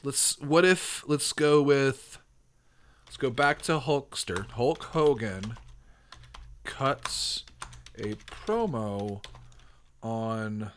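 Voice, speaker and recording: Excitable man typing and reacting. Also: mid-range voice, drawn-out words, long pauses, a little hiss or hum. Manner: excitable, laughs and swears at results. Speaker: podcast host. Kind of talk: casual commentary while typing prompts.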